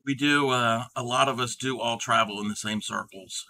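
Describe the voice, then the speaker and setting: Male stream host, loose and rambling, keeps up with chat; strikingly bright, edgy tone at an average pitch. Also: fairly even intonation, moderate pace. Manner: rambling, reading and answering chat aloud. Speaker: livestream host. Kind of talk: casual livestream chat.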